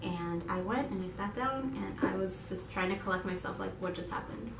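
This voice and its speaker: A young woman co-hosting a casual video, telling her story to viewers in an animated, giggly way and quoting herself in excited voices. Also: medium pitch, normal speed, creaky, slight background noise. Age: young adult. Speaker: YouTube channel co-host. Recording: roomy echo, voice from a distance.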